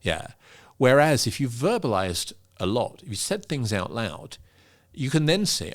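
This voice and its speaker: A middle-aged man, a pitch coach, explaining in an interview and demonstrating vocal emphasis. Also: big pitch swings, moderate pace, gravelly. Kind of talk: interview conversation.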